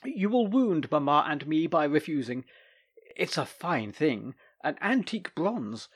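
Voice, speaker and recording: A man voicing an earnest young son who speaks in halting, repetitive phrases. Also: a little high, very animated, breathy edge, full character voice. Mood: insistent.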